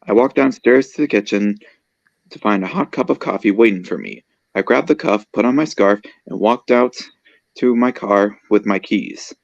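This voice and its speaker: Low-voiced man reading fan fiction. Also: normal speed, gravelly, no echo, muffled recording. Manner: casual, stumbling reading. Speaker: host.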